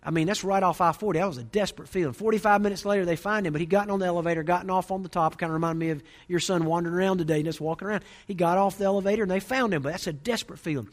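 A man's voice: high-pitched, racing, few pauses. A man preaching a sermon in an emphatic, rousing way with rhythmic repetition.

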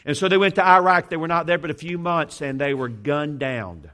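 A man in his fifties preaching a sermon, driving hard on some points and dropping low and quiet on others. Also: a little fast. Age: 50s. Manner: emphatic preaching, swinging between loud declarations and low, quiet intensity. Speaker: pastor.

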